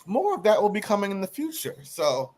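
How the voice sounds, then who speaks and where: A man's voice: high voice, wildly swooping pitch, a little fast, a little mellow. A man hosting a podcast panel, chatting casually and moving between topics. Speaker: podcast host.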